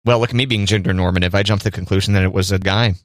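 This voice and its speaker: A man's voice: low voice, fairly even intonation, very fast, no echo, clean studio sound. Playful man co-hosting a podcast. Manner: playful, addresses listeners directly. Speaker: podcast co-host. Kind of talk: casual chat. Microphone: studio microphone.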